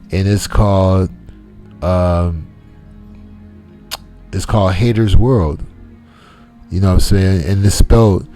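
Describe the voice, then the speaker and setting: Brief: male commentary host, unhurried delivery, casual and conversational. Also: low-pitched, mellow. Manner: laid-back, conversational slang.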